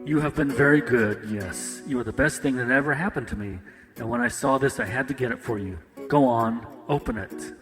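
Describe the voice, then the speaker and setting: A man reading a story voices a reserved young husband who wants to stay in control, speaking measured and quiet. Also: medium pitch, lightly acted. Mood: earnest. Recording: echoey with guitar music.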